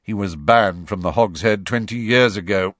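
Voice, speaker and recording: A man voicing a brisk, frank adult wizard with a wry, impatient edge in an audiobook. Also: on the low side, no echo, clean studio sound, close to an everyday voice. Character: adult male wizard, wry, bold, fond godfather. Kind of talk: audiobook character voice.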